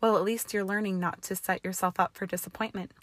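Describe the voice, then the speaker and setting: A woman voicing a cold, arrogant young wizard who taunts in a slow, drawling way. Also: mid-range voice, steady tone, no echo, lightly acted.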